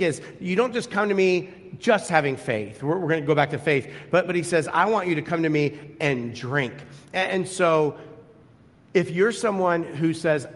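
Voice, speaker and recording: Earnest man preaching in an echoey hall. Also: a little high. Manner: earnest, repeats words and restarts often. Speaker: pastor. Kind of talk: sermon. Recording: long echoey hall reverb.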